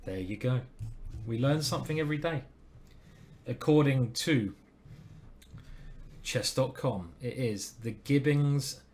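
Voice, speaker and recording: A man's voice: mid-range voice, a little hiss or hum. A man streaming live, commenting on his chess games and chatting to viewers with self-deprecating asides.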